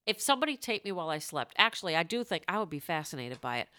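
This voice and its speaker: Woman podcast cohost, super bright tone, animated jokey banter, laughs a lot. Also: lowish voice. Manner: animated, quick jokes, laughs often. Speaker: podcast co-host. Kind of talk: casual comedic chat.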